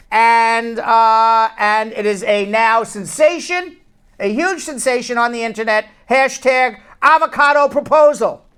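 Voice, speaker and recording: A man hosting a call-in show as an immigration lawyer, ranting with animated indignation and then answering callers. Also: very high voice, clean tone.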